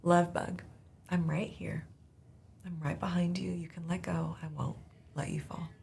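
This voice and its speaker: A woman voicing a gentle, reassuring father in a whispered role-play, soft and calm. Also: fairly low pitch, a little slow, gravelly, slight background noise. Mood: tender.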